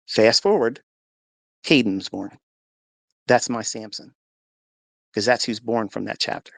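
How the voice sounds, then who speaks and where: A man's voice: medium pitch, a little slow, gravelly, pauses often, fairly bright tone, dry recording. A man with a mid-range voice earnestly recounting a personal faith story to an online audience, acting out his own past words as he goes. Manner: religious. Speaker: trading mentor. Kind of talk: personal testimony told to an audio-chat audience.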